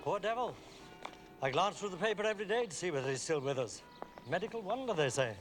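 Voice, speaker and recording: An older actor playing a clipped, drily ironic senior barrister, in a film drama. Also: male voice, high-pitched, expressive, fast talker, soft background music. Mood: wry. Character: dry, worldly old English barrister.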